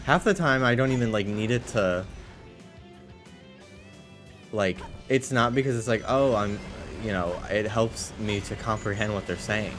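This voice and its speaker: A man streaming a game from his room at home, chatting casually, swearing freely and often breaking into loud laughter. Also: on the low side, a little slow, soft background music. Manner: profane, laughs loudly, rambling asides. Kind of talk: casual gaming stream chat.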